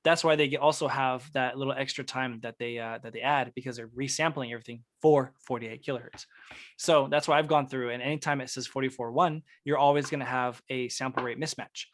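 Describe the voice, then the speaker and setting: A man teaching a music production workshop over a video call, explaining technical details in a relaxed, casual way with plenty of fillers. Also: mid-range voice, fairly quick.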